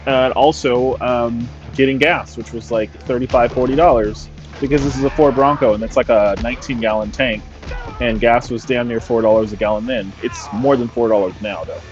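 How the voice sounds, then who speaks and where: A man's voice: medium pitch, fairly even intonation, moderate pace. A man from California telling a story casually and profanely, with wry asides, over gameplay. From Sacramento, California. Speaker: gaming storyteller. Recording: dull audio with faint background music.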